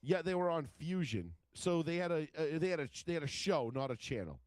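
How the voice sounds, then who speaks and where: A man co-hosting a casual podcast chat, talking in an animated, profane, rambling way. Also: a little high, fairly quick, no echo. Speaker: podcast co-host.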